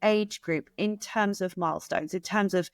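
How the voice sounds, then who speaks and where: A woman's voice: lowish voice, normal speed, no room sound, clean studio sound. A young adult woman hosting a podcast, asking loosely worded questions and murmuring agreement often. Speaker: podcast host. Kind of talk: podcast interview.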